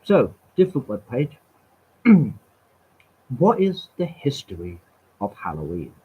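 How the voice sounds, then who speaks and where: A man reads aloud from webpages with a lively, up-and-down voice and a husky edge. He trips over words, repeats himself, and drops in dry remarks between passages. The sound is thin and tinny, like a phone line. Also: mid-range voice, slow. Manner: stumbling reader, repeats words, wry asides. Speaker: channel host. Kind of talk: reading aloud from webpages with casual asides.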